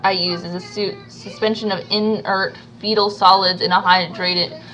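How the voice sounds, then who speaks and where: A woman's voice: medium pitch, flat delivery, moderate pace, pushed and bright, low-quality recording. A woman reading a novel aloud as an amateur reader, stumbling over words and restarting now and then.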